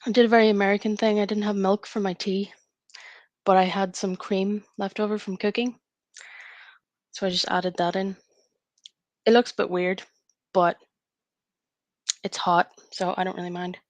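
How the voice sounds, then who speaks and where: A woman's voice: medium pitch, flat delivery, normal speed, long pauses, no echo. Chatty woman thinking aloud. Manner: chatty and rambling, thinking aloud between tasks. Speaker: writer hosting a live writing stream. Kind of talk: casual live-stream chat.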